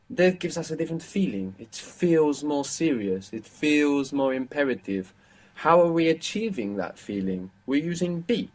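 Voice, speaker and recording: Teaching a live online language lesson, a man with a medium-pitched voice patiently explains grammar and quizzes his students with questions.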